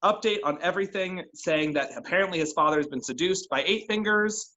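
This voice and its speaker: A man narrating as game master for a tabletop game, talking in a halting way with many fillers. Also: high voice, pushed and bright, muffled recording.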